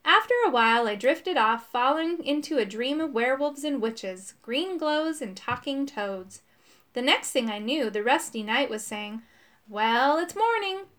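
Woman, audiobook narrator, high voice, very lively pitch, expressive. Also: normal speed. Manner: expressive, voicing characters. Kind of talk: children's audiobook reading.

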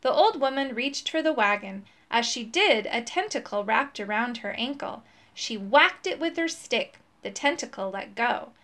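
A woman narrating a children's storybook in a clear, expressive read-aloud manner. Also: fairly high pitch, normal speed, hardly any pauses. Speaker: storybook reader.

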